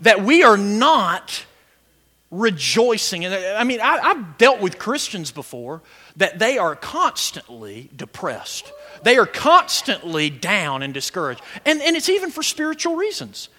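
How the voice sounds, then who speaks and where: A pastor preaches with a high, animated voice that swings widely in pitch. His tone is bright and ringing, and he climbs into shouts as he builds his points, stammering through restarts along the way. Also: unhurried. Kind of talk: sermon.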